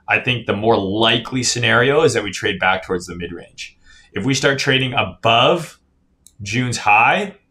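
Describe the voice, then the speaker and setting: A man's voice: lowish voice, sharp tone. A man streaming casual crypto chart analysis, talking loosely with swearing, reading viewer comments aloud and often tagging "right?". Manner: casual, profane, reads chat aloud, says "right?" often. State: yawning, tired.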